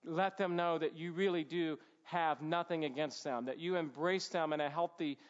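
A man's voice: fairly high pitch, fairly even intonation, moderate pace. A man, himself a father, giving an informal, earnest teaching on child discipline, working through numbered points with emphatic asides. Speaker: Christian parent teaching on discipline. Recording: dull lo-fi sound.

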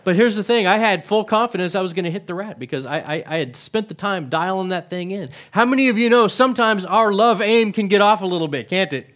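Man preaching, high-pitched voice, middle-aged pastor, chatty sermon, asks the crowd questions. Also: animated, fast talker, few pauses, a bit bright. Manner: conversational, asks the audience questions, repeats words.

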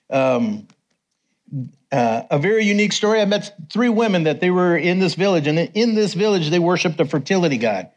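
A middle-aged man preaching, telling personal testimony stories with lively quoted voices. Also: brisk. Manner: animated storyteller, raises pitch for quoted voices. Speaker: missionary preacher. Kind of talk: sermon testimony storytelling.

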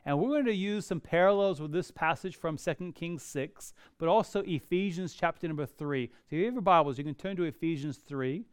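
A pastor delivering a sermon, building to emphatic outbursts and slowing on key phrases. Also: male voice, on the high side, smooth, no room sound, studio quality. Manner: preaching with rising emphatic outbursts and slow drawn-out key phrases.

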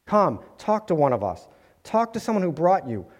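A man's voice: on the high side, big pitch swings, moderate pace. A man delivering an earnest sermon to his congregation, with light humorous asides. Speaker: preacher. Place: church sanctuary. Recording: long hall reverb.

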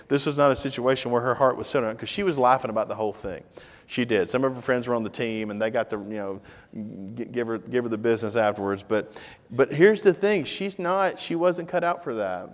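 A middle-aged man preaching a sermon, telling a family story with lively acted-out dialogue before turning to earnest exhortation. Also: mid-range voice, fairly quick. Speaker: pastor. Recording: long reverb of a large hall.

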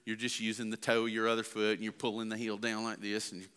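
A man's voice: on the low side, monotone, quick pace, fairly bright tone, clear, resonant tone. A man preaching a sermon, talking conversationally and asking the congregation questions. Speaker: pastor. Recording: long hall reverb.

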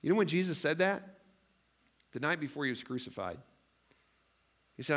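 A man's voice: a little high, quick pace, a bit bright. A man preaching a sermon as pastor in a church, chatty and self-deprecating, acting out his own worried prayers. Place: church sanctuary.

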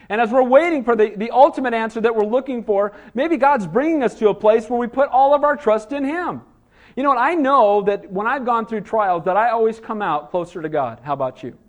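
A man preaching a sermon, a father of small children, full of rhetorical questions and frequent calls of "Amen?" to the congregation. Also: high voice. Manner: call-and-response, asks "Amen?" often; rhetorical questions, rising to emphatic cries. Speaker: pastor.

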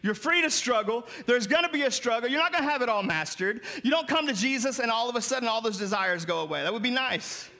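A man's voice: very high voice, animated, fast, hardly any pauses, bright, forceful tone. A male pastor preaching a sermon, calling on the congregation to respond and rising to emphatic peaks.

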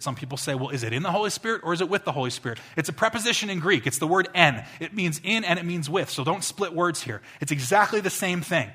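A man's voice: medium pitch, sharp tone, husky. A male pastor preaching a sermon, asking the congregation rhetorical questions and swelling into impassioned emphasis.

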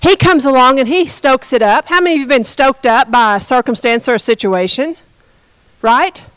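A woman's voice: high-pitched, normal speed, fairly bright tone, clean tone, no room sound, poor audio. A woman pastor giving a conversational sermon, often asking the congregation questions.

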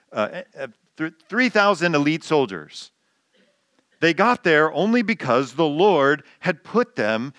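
Male pastor, animated sermon delivery, bright tone, dry close-miked sound. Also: on the high side, no echo. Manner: animated, reads scripture aloud and acts out the shouting.

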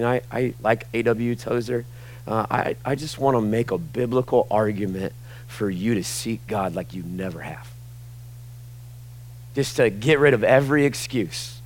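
A pastor in his forties preaching a sermon to his congregation in a casual, conversational way, often saying "like" and "y'all". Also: medium pitch. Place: church sanctuary with a congregation.

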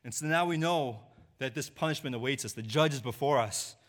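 Man preaching, hushed then pleading. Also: a little fast. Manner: swings from hushed low delivery to raised, pleading voice in quoted lines. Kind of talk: sermon.

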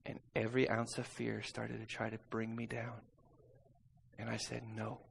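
A man preaching a sermon and telling a personal story, swinging between soft, intimate passages and loud, urgent ones. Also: medium pitch, completely flat delivery, normal speed, vocal fry, slight background noise.

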